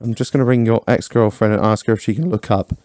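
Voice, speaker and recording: A man's voice: lowish voice, fast, no room sound, clean studio sound. A man co-hosting a drunken podcast chat, crude and laughing as he tells stories. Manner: crude, laughing, lively storyteller. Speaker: podcast co-host. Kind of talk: drunk casual banter.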